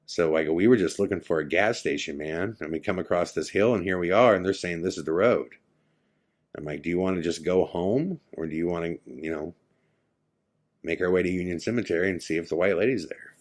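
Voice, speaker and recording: A man hosting a podcast, telling a personal story casually and acting out his friends' lines in quoted dialogue. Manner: drops to a hushed, low tone for the eerie parts. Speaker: podcast host.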